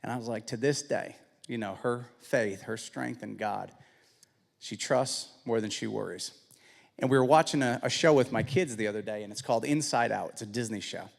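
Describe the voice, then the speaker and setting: A man of middle pitch gives a church testimony, telling stories and acting out conversations. His voice carries the long reverb of a large sanctuary. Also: normal speed, vocal fry. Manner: animated storytelling, acts out dialogue. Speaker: guest speaker.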